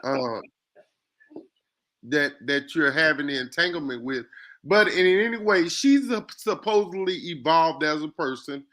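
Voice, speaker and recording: High bright-voiced animated man. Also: a little slow. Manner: animated, poses scenarios, jokey asides. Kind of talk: casual discussion.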